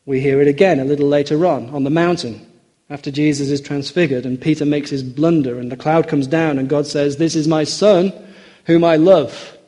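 A man delivering a sermon in an earnest, emphatic way. His voice is mellow and a little husky. He slows down when he quotes scripture. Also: a little high, steady tone. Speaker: preacher.

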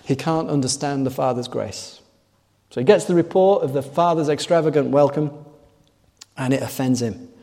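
A man's voice: medium pitch, normal speed, gravelly, warm tone. A man preaching a sermon in an earnest way, often asking rhetorical tag questions, recorded in a large church hall. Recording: long echoing hall reverb.

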